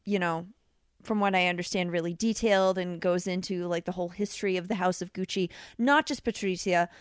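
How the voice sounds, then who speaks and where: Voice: mid-range voice, fairly even intonation, fairly quick, smooth, no echo, clean studio sound. A woman co-hosting a podcast, chatting casually about a movie with lots of fillers and laughter. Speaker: podcast co-host. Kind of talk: casual film review chat.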